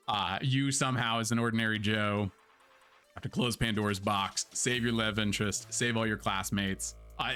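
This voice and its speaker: A man talking through a casual live-stream game review in a bright, sharp, somewhat low voice. He is chatty and candid, with lots of ums, uhs and likes and an occasional swear word. Faint music plays behind him. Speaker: streamer and host.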